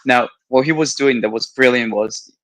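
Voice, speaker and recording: A man's voice: medium pitch, normal speed, a bit bright, no room sound, poor audio. A man co-hosting a football chat stream, breaking down plays in an analytical way. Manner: analytical, interjecting. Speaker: co-host.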